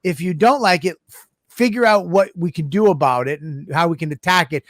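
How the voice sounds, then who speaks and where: A man's voice: a little high, fairly quick, fairly bright tone, no room sound, studio quality. A man co-hosting a casual comedy podcast, ranting with profanity and sarcasm. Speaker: co-host.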